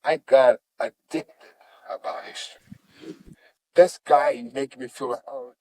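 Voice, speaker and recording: Animated man in broken English. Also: medium pitch, measured pace, breathy edge, no echo. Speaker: jiu-jitsu master, guest. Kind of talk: storytelling in conversation.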